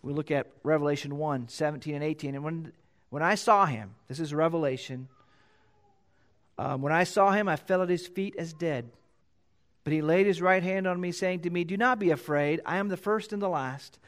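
Man preaching a sermon. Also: moderate pace. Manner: reads scripture louder and higher, then drops low to explain; repeats phrases for emphasis. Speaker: pastor. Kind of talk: sermon with scripture reading.

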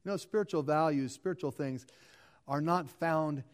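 A man's voice: fairly high pitch, normal speed. A middle-aged man preaching a sermon as pastor, building emphasis through repeated phrases.

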